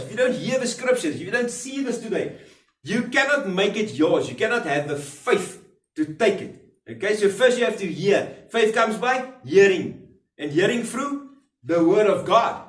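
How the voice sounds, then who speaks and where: A man preaching a fervent, repetitive Bible teaching with emphatic rises. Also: sits high. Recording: echoey room, far from mic.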